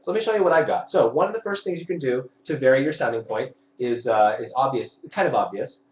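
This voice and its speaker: A man's voice: medium pitch, quick pace, slight background noise. Man teaching violin over a roomy webcam. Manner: explains and demonstrates, asks viewers questions. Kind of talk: live webcam lesson. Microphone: webcam mic. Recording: roomy, dull webcam audio.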